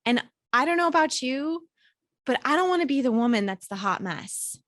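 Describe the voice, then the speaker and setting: A woman's voice: high voice, lively intonation, normal speed, fairly bright tone, dry recording, studio quality. A woman in her thirties hosting a solo podcast, talking in an emphatic, motivational way with some swearing, recorded in a hotel room. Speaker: podcast host.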